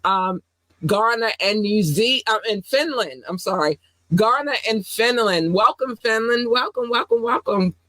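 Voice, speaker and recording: A woman hosting a casual livestream podcast while under the weather, low on energy, talking in an affectionate, rambling way with lots of fillers. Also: animated, unhurried, a bit bright, no echo, poor audio. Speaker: podcast host.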